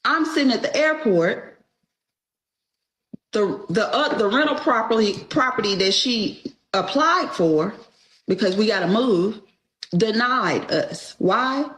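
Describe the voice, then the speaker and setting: A woman's voice: a little high, lively intonation, takes it slowly, fairly bright tone, reverberant, rough recording. A woman telling a story in a casual monologue, dramatic and blunt, retelling conversations and swearing freely.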